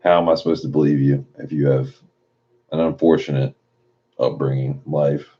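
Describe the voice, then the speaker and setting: A man's voice: rumbling low, fairly even intonation, normal speed, muffled recording. A man live streaming late at night in a casual, profane way, reading chat messages aloud and riffing on them.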